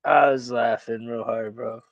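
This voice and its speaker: A man's voice: medium pitch, steady tone, measured pace, gravelly, dry recording, highs cut off. A man hosting a casual chat, laid-back, swearing freely and laughing often. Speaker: host.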